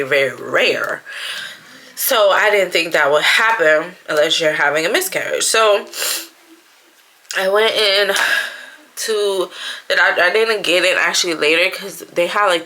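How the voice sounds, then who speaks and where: Chatty woman vlogger with a bright voice. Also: on the low side. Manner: chatty storytelling, acting out quotes. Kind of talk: casual personal vlog.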